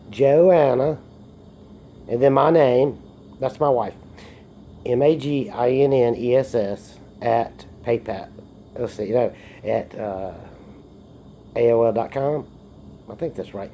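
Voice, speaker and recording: A man's voice: mid-range voice, dark tone, a little hiss or hum. A man, a bit tipsy from beer, rambling and joking through a casual monologue recorded on a phone and swearing often. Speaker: vlogger.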